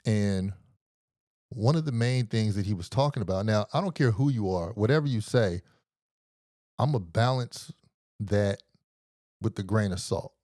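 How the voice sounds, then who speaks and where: A middle-aged man hosting a podcast, telling a story in a casual, slangy and profane way, animated as he retells it. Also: lowish voice, measured pace, pauses often, dry recording, clean studio sound. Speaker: podcast host.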